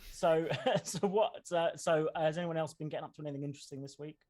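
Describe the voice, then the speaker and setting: A man hosting a relaxed group podcast, with a somewhat higher voice than most men. He talks in a jokey, lively way and keeps throwing questions at the others. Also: fast talker. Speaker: podcast host. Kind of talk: casual group chat.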